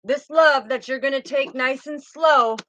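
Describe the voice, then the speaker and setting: A woman's voice: high voice, a little slow, a bit bright, highs cut off. A woman giving a tarot reading to her viewers, soothing and affectionate, calling them sweetheart. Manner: soothing, calls viewers sweetheart and baby girl. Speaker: tarot reader.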